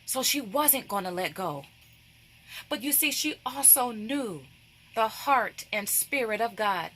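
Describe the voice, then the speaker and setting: Woman, craft devotional host, preaching, emphatic repetition, bright voice, slow delivery. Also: a little high, animated. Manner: emphatic, repeats phrases, calls out to "people".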